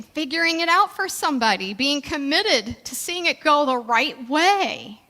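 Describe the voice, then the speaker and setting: A woman reverend giving a sermon in a conversational way, slowing down for emphasis. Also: high-pitched, bright, forceful tone, long reverb tail.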